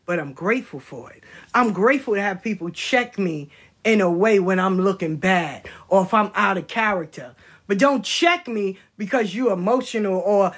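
A woman's voice: mid-range voice, expressive, moderate pace, slightly rough. A woman giving a blunt, profane monologue as a spiritual content creator, telling stories and preaching about honesty. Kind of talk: casual livestream monologue.

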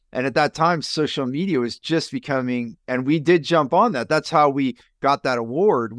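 A middle-aged man tells his personal story as a guest on a podcast, with a mid-range voice that leaps upward when he plays out remembered conversations. The sound is dry and close, with no room echo. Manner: animated storyteller, rises sharply in pitch when acting out quoted people. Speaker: podcast guest, business coach.

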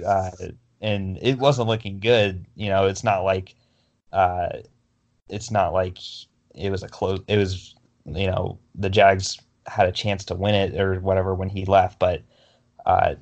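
Low-voiced young man rambling about sports. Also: level tone, unhurried, a little mellow, muffled recording. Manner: rambling, many fillers and restarts. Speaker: podcast co-host. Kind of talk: casual sports chat.

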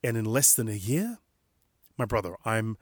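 A man's voice: fairly low pitch, expressive, normal speed, no room sound, studio quality. A man hosting a podcast, sounding tired and slightly nasal, talking casually and repeating phrases for emphasis. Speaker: podcast host.

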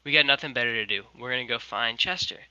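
A young man tells a long story over a video call, animated and full of casual fillers. His voice is very bright and sharp, and it sounds close and dry. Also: medium pitch, quick pace, clean tone, no echo, muffled recording. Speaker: guest, merch maker.

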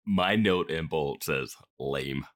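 A man's voice: low voice, animated, normal speed. A man co-hosting a podcast, chatting casually with a wry, sarcastic manner. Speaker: podcast co-host. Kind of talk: casual recap chat.

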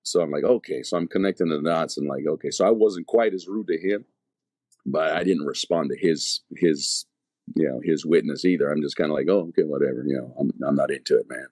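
A man's voice: rumbling low, a little fast, darkish tone, slightly rough, no echo. A man, an evangelist, telling his conversion testimony in casual, slangy talk full of fillers and restarts.

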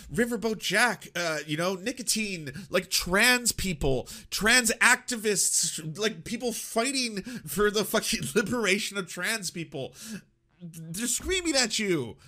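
A man's voice: sits high, bright, forceful tone. A man reacting to clips in casual commentary, exasperated and incredulous, swearing and laughing in disbelief.

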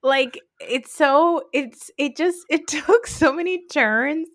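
A woman hosting a podcast in casual chat, excitable and quick to laugh. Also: high voice, dry recording, clean studio sound. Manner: laughs often, gushing and excitable. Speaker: podcast host.

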